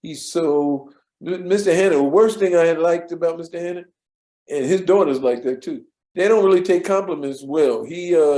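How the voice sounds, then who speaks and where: An older man, a former studio assistant, telling stories in a relaxed, rambling way with many restarts and fillers. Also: a little high, roomy sound. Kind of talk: storytelling in a casual interview.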